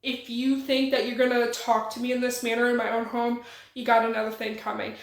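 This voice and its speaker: A woman's voice: on the high side, little pitch movement, a little fast, close to an everyday voice. A woman voicing a devoted, protective middle-aged mother who speaks in a placating, defensive way. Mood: indignant. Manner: placating, then firm and defensive. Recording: roomy echo.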